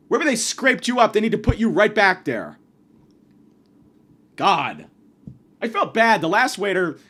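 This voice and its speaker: A man whose voice sits high and fairly bright hosts a podcast, delivering a profane, sarcastic comedic rant.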